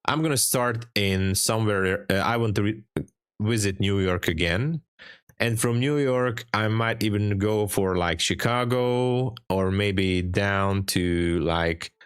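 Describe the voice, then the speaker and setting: A man's voice: low-pitched, no room sound, clean studio sound. A man from Hungary with a Hungarian accent, chatting casually and joking on a trading live stream. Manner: joking, chatty, laughs often. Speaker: livestream trader.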